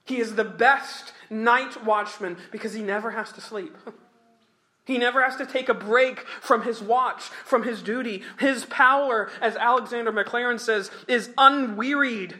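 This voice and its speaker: A man preaching a sermon and reading scripture aloud, emphatic, slowing down for weight and chuckling between points. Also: very high-pitched, sharp tone.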